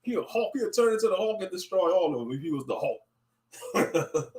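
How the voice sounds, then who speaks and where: A man's voice: high-pitched, lively intonation, moderate pace, gravelly, a little mellow. Laid-back slangy male host. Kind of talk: casual livestream talk.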